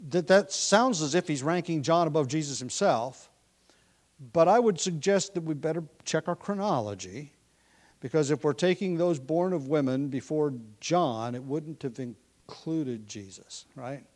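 Man, preacher, expository sermon, fairly high voice, emphatic scripture reading, conversational asides. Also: expressive, measured pace, a little mellow. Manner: emphatic, rises in pitch and volume when reading scripture; conversational asides with restarts and light laughs.

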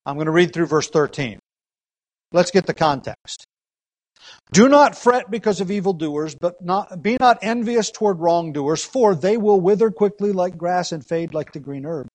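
Male preacher, fairly high voice, earnest teaching tone, emphatic repeats, dry sound. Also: animated, moderate pace, a little mellow, dry recording, poor audio. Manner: earnest teaching with frequent rhetorical questions and emphatic repetition; reads scripture aloud. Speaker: pastor. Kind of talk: sermon.

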